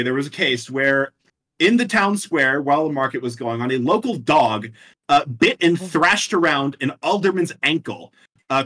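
A young man telling odd court stories on a casual podcast, animated and laughing often. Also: on the high side. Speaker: guest presenter on a podcast.

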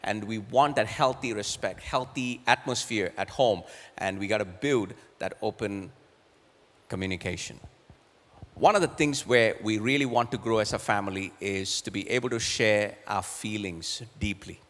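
A man's voice: lowish voice, moderate pace, a bit bright. A middle-aged man preaching as a pastor, earnest, sometimes repeating words as he searches for a phrase. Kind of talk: sermon. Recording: long hall reverb.

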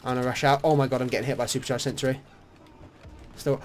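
A man's voice: a little high, fairly quick, slight background noise. A young man commentating casually while playing a shooter, swearing freely and bantering with a teammate. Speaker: gamer.

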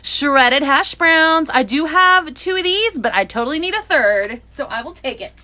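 A woman hosting a live unboxing, chatting excitedly and greeting viewers by name. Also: sits high, moderate pace. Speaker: live-stream host.

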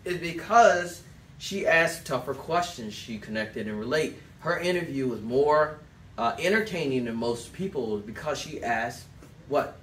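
Animated man coaching sales, echoey room. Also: medium pitch, unhurried. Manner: animated storyteller, acts out quotes, loose rambling phrasing. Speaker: sales trainer. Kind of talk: sales coaching talk to a small group. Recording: echoey room, mic at a distance, faint background noise.

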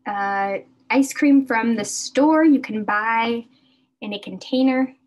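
A woman leads a beginner English lesson with a fairly high voice. She talks very slowly and carefully, repeating each word so her learners can follow along. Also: highs cut off. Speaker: English teacher.

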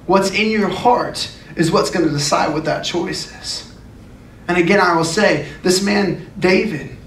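Male youth pastor, high voice, earnest sermon, recorded from afar in an echoey room. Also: creaky, fairly bright tone. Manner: earnest, emphatic, repeats phrases. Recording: echoey room, distant mic, faint noise.

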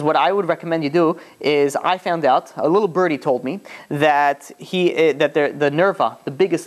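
A man, a rabbi, telling a story in a loose, conversational lecture and acting out the characters' lines. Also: on the high side. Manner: lively retelling that acts out the characters' quoted lines; loose and conversational, often saying "you know".

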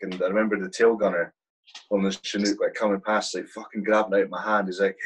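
A man's voice: on the low side, flat delivery, quick pace, husky, rough recording. A man in his thirties, a soldier guest on a podcast, telling blunt, swear-laden war stories in casual talk. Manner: blunt, swears freely, vivid war anecdotes. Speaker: guest, army platoon sergeant. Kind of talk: casual storytelling.

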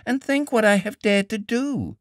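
A pleading young woman with a soft, tearful, emotional voice, as a male audiobook narrator puts her on, pitched well above his natural range. She talks in a breathy, hurt way, and the studio sound is dry and close. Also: normal speed, dry recording, natural voice. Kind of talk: audiobook character reading.

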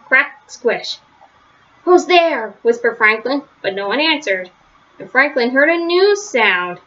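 Bright-voiced woman reading a children's story. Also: on the high side, highs cut off. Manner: gentle, with small slips and restarts. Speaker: storybook reader. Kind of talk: children's story read aloud.

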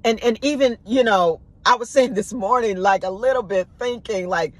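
A woman's voice: fairly high pitch, moderate pace, few pauses. A woman giving an informal devotional sermon, talking conversationally and repeating words for emphasis. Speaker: preacher.

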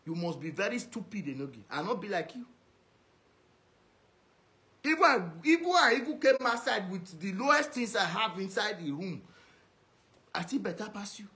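A man with a high-pitched voice and a Nigerian Pidgin accent, ranting straight at someone in a video message. He scolds and insults, hammering the same put-downs again and again. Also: sing-song, moderate pace, long pauses, sharp tone. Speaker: social media commentator.

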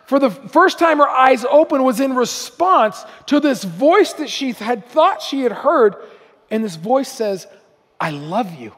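High-voiced man preaching in a reverberant hall. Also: expressive, a little slow, a bit bright. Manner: earnest, building to emphatic outbursts. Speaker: guest speaker. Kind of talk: sermon. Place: church sanctuary.

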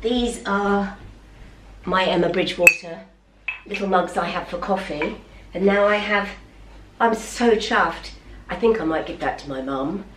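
A woman's voice: mid-range voice, a little slow, long pauses, noisy background. A middle-aged woman chatting in a home vlog, talking to her dog while she unboxes parcels and keeps exclaiming. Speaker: vlogger. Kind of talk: casual vlog. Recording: roomy, from a distance.

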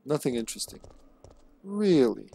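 A man's voice: fairly high pitch, big pitch swings, moderate pace, vocal fry, mellow, husky. A man streams a horror game live and comments as he plays. He jokes and throws in sarcastic asides. He talks back to his viewers in a casual way. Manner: joking, sarcastic, chatting with viewers.

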